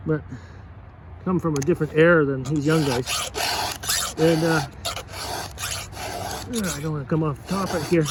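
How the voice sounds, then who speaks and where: A man's voice: sits high, noisy background. A man who runs a fishing lodge, giving rambling, folksy work advice while sharpening a chainsaw, chuckling as he goes. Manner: folksy, chuckling, repeats and restarts often.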